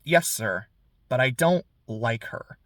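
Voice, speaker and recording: A man voicing a timid, earnest teenage boy who answers softly and very politely. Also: medium pitch, expressive, slow, no echo, clean studio sound, voice pushed down. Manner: polite, soft, careful.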